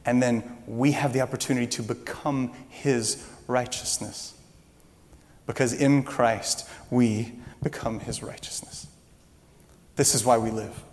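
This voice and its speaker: A man preaching to his congregation, his mid-range voice trailing into a long hall reverb. He tells stories with animated energy, climbing in volume as he gets excited. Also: mid-range voice, unhurried. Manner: animated storytelling, rising loud when excited. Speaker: pastor. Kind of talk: sermon.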